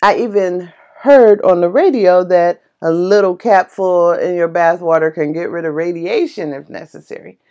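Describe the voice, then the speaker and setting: A woman casually telling a personal story in an excitable, passionate way, laughing as she talks. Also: lowish voice, normal speed, few pauses, lo-fi sound. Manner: animated, excitable, laughs while talking; passionate and chatty.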